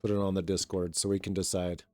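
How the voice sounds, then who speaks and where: A young man streaming and chatting casually with viewers in a relaxed, rambling way, his voice a little raw today. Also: low voice, fast talker. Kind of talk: casual live-stream chat.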